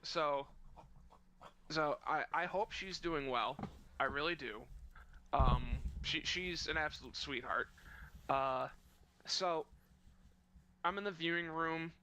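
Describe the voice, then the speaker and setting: A man's voice: fairly high pitch, slow pace, long pauses, sharp tone, a little hiss or hum. A man telling a rambling, crude, mock-sentimental story in casual chat with friends. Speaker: podcast co-host telling a story.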